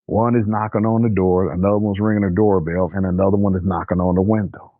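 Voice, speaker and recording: A man's voice: deep voice, fairly even intonation, fast, no room sound. An older man, telling his own story in a plain-spoken, vivid, vernacular way. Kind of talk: first-person story recounting. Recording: dry, slightly muffled recording.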